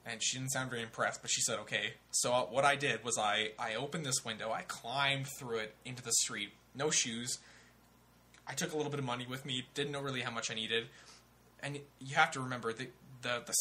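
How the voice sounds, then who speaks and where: A young man telling a story on a comedy talk show in a casual, animated, profane way. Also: medium pitch, slight background noise. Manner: animated, profane, acts out other people's voices.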